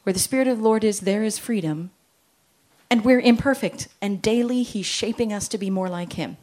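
A woman and parent giving a lively Christian talk on parenting, joking and acting out little quoted voices. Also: medium pitch, normal speed. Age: adult with children. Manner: animated, jokey, acts out quotes.

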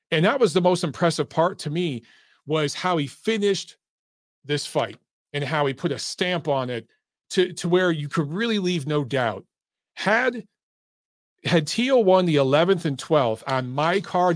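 A middle-aged man holds forth on a boxing podcast, swearing and hammering his points home over and over. His voice sits a little high for a man. The sound is close and dry, with no room around it. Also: lively intonation, unhurried, no echo. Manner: profane, emphatic, repetitive. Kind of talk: casual ranting commentary.

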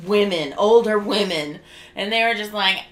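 A woman's voice: mid-range voice, normal speed, echoey room. A woman comedian chatting casually and telling a gig story. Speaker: comedian guest. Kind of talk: casual chat. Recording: loud background noise.

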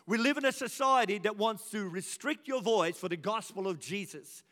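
A man in his sixties preaching and telling stories, his voice rising loud and dropping soft as he goes. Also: high voice, normal speed. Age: 60s. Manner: animated storytelling, swings from loud to soft. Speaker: pastor. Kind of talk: sermon. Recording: reverberant church hall.

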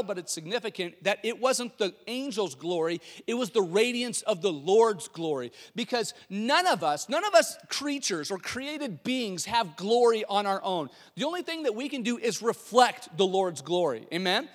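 High-voiced preacher with hall reverb. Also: male voice, moderate pace, few pauses. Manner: animated storytelling with restarts. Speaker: pastor. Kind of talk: sermon.

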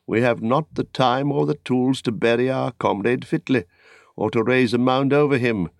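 A man voicing a noble, keen male elf archer in an audiobook, with a clear, lofty way of speaking and a raised voice. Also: medium pitch, normal speed, no echo, clean studio sound, pitched above the performer's own voice, natural voice. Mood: resolute. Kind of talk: audiobook character reading.

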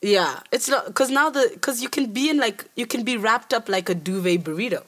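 A woman's voice: a little high, expressive, fairly quick, fairly bright tone. A woman co-hosting a podcast in casual chat, telling rambling stories in a dry way. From Africa. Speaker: podcast co-host.

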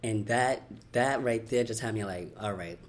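A young man from Brooklyn, telling his life story in an interview, candid and heartfelt, talking in quick runs with lots of "you know" and "like.". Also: mid-range voice. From Brooklyn, New York. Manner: candid, fast-flowing, heartfelt, many "you know" and "like" fillers. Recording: faint background noise.

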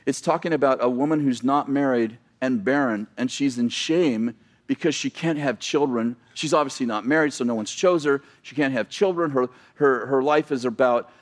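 A man pastor preaching a sermon in a church, animated, swinging between shouting and quiet asides. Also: mid-range voice, normal speed. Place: church sanctuary.

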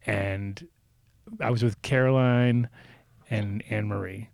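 A man's voice: lowish voice, fairly even intonation, slow pace, creaky, a little mellow, no echo, studio quality. Profane rambling man telling a road story. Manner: profane, rambling, acts out voices in anecdotes. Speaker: podcast host. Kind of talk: casual storytelling chat.

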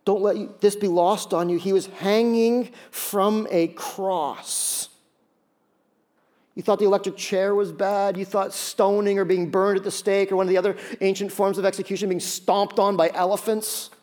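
Man, pastor, sermon, high-pitched, dramatic delivery, hushed passages. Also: flat delivery, a little fast, hardly any pauses. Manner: dramatic, acts out quoted voices, drops to hushed tones.

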